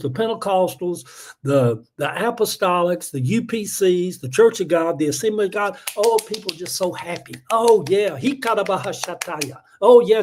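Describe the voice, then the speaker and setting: A man's voice: sits high, a little mellow. A middle-aged man from Atlanta with a Southern accent, hosting a casual livestream and ranting in a rambling, heated way full of fillers and chuckles. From Atlanta, USA. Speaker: livestream host. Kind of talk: casual political rant.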